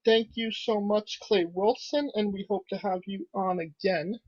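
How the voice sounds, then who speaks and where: A woman hosting a casual interview show, unhurried as she wraps up segments. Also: mid-range voice, a little mellow, slightly rough. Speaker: host. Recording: dull dry sound.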